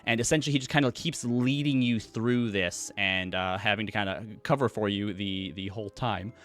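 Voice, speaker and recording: Bright-voiced male game master. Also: lowish voice, a little fast. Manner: casual, filler-heavy narration. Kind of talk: narrating a tabletop game.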